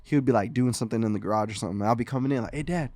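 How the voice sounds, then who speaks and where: A man co-hosting a casual gaming podcast, telling stories in a relaxed way and acting out crowd reactions. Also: fairly low pitch, rapid-fire, no echo. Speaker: podcast co-host.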